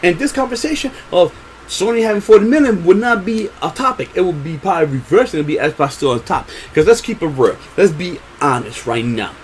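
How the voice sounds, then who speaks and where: A high-voiced man rants straight to his viewers, passionate and profane, tripping over repeated words and drawn-out fillers. A faint hum of ambience sits under his voice. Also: lively intonation. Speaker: gaming vlogger. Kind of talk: unscripted rant to camera.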